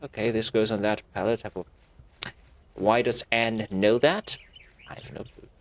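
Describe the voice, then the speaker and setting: A man playing a horror game and talking it through, mostly in low, murmured asides that jump into lively, cursing outbursts. His voice is dry and close to the mic, with no room around it. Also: no echo. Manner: muttering asides and sudden swearing. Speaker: gaming YouTuber. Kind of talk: horror game let's play commentary.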